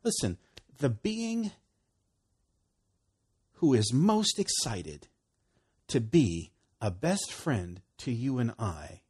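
A man preaching a casual sermon in an animated way, acting out little prayer dialogues as he goes. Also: mid-range voice, extremely slow, pauses often, husky. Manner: animated, acts out voices of prayer and God.

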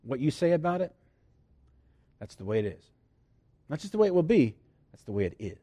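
A man preaching a sermon, his pitch leaping up and down in lively swings. He moves from loud emphasis to hushed near-whispers and laughs often between points. The sound is dry and close. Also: moderate pace, pauses often, no echo.

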